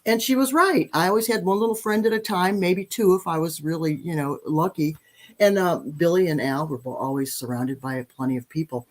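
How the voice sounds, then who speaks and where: An older woman in her sixties telling personal stories on a podcast, her voice a little low for a woman. She speaks animatedly, pokes fun at herself and trips into frequent restarts. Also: fairly quick. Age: 60s. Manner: animated, self-deprecating, many restarts. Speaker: podcast guest. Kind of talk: storytelling in conversation.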